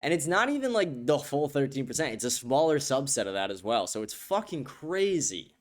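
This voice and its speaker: A man's voice: mid-range voice, very animated, brisk, a little hiss or hum. Blunt, profane male host talking to viewers. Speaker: show host. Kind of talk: casual streamed commentary.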